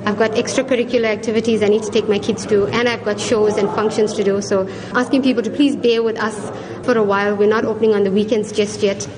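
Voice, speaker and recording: A woman's voice: mid-range voice, flat delivery, fast talker, hardly any pauses. A South African woman in her forties, a restaurant owner, talking in a chatty, friendly interview. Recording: crowd chatter behind.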